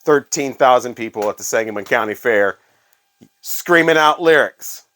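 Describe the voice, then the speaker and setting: Man, middle-aged, from Illinois, casual vlog storytelling, rambling, filler-heavy, medium pitch. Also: expressive, normal speed, fairly bright tone. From Illinois, USA. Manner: rambling and conversational, with frequent fillers. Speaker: former radio staffer, record collector.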